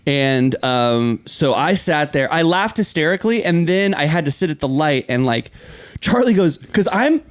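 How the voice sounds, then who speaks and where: A man's voice: on the high side, expressive, normal speed, clean tone. A man co-hosting a podcast, telling a story in casual chat, acting out voices, swearing and laughing often. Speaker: podcast co-host.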